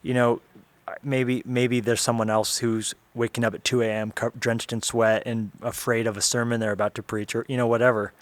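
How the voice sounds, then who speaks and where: A man's voice: mid-range voice, little pitch movement, normal speed, dry recording. A man hosting an interview show, upbeat and self-deprecating in casual conversation. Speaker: podcast host.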